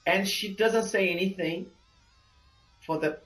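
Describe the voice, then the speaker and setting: Rambling animated man on a podcast. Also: sits high, measured pace, soft background music, poor audio. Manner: rambling, animated, acts out scenes. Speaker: podcast co-host. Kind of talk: casual chat.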